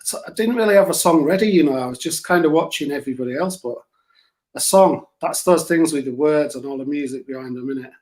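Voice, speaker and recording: A man's voice: fairly high pitch, fast, darkish tone. A man, a guest musician chatting in a rambling, self-mocking, hesitant way. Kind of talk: casual chat.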